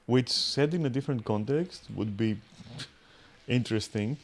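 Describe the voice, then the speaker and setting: A man's voice: medium pitch, a little slow, a little hiss or hum. A man casually narrating his video game play to viewers, joking crudely and swearing often. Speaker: streamer. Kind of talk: casual gaming commentary. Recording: faint game music behind. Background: game music.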